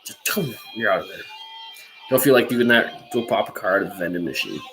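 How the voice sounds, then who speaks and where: A woman's voice: very deep voice, expressive, fairly quick, music in the background, low-quality recording. A woman hosting a podcast, ranting heatedly with lots of swearing and filler words. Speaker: podcast host. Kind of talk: profane rant on a podcast.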